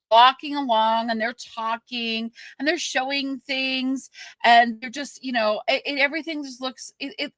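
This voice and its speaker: A woman co-hosting a podcast, ranting with frustration and many halting restarts. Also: sits high, steady tone, fairly bright tone, no echo. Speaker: podcast co-host. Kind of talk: candid podcast conversation.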